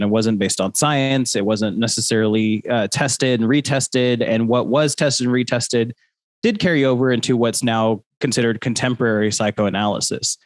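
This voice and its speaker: A man whose nose is blocked up by allergies talks through psychology ideas in a relaxed, joking way. The sound is dry and close, with no room around it. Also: mid-range voice, no echo. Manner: loose, joking, explains in plain terms. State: congested from allergies. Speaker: podcast co-host. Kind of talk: casual explanatory chat.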